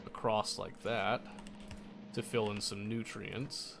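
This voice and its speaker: A man's voice: lowish voice, fairly even intonation, takes it slowly, gravelly, background noise. A man casually commenting on his own gameplay, muttering to himself and correcting his mistakes as he goes. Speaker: gameplay streamer.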